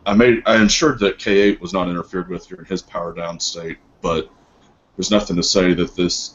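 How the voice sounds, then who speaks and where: A man playing a tabletop game, talking in a cautious, deliberate way, recorded with dull lo-fi sound and faint noise. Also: deep voice. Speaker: player. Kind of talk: in-character tabletop play.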